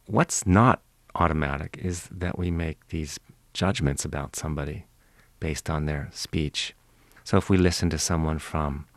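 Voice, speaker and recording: A deep-voiced male linguistics professor with a Western Pennsylvania accent answers interview questions in a measured, lecturing way, demonstrating speech sounds as he explains. He's recorded close on a studio microphone, and the sound is dry.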